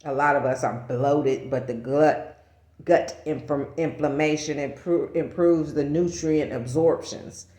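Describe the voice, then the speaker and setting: A woman's voice: sits low, fairly even intonation, takes it slowly, warm tone. A woman vlogging casually and speaking to the camera. She rambles, corrects herself and laughs at her own stumbles. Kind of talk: casual talking-head vlog. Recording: echoey room.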